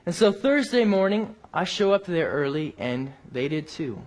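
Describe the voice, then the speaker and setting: Man, sermon, personal story, emphatic rises then hushed drops, fairly high voice. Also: very animated, moderate pace. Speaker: preacher.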